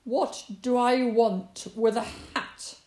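A woman's voice: medium pitch, huge pitch swings, unhurried, warm tone. A woman voicing a sly male fox in a storybook, snappish and sneering. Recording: roomy echo.

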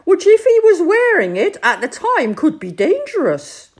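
A woman voicing a reckless, cheeky male rat in a storybook, quick with a joke. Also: extremely high pitch, wildly swooping pitch, voice pushed up, heavily acted.

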